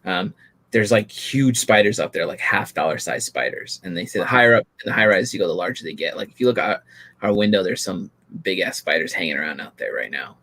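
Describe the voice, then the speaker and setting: Lower-voiced man joking emphatically. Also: brisk, fairly bright tone. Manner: jokey, emphatic, swears. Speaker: guest artist. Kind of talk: casual chat.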